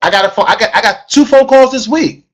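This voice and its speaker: High-voiced man coaching a sales team. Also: fast. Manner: emphatic, repeats himself, asks the audience questions. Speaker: network marketing trainer. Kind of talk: energetic training talk.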